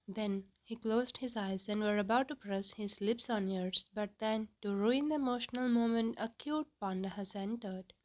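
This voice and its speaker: A woman reading a fan fiction story aloud in an even, unhurried storytelling manner. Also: medium pitch, rough recording.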